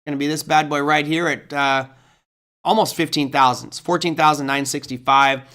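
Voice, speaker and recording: A man's voice: fairly high pitch, steady tone, moderate pace, bright, forceful tone. A middle-aged man hosting a live market analysis stream, chatty and casual as he walks through charts and answers viewer questions. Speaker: trading stream host.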